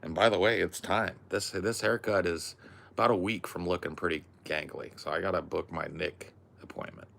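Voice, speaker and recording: A man's voice: sits low, steady tone, normal speed, creaky, a bit bright. An American man chatting casually on a comedy podcast, riffing and swearing as he jokes around. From United States. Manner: riffing, profane, jokey. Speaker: podcast host.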